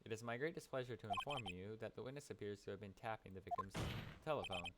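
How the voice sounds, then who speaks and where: A woman voicing a stern, pompous older male judge in a game, making formal pronouncements over loud game music. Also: very deep voice, fast talker, very noisy.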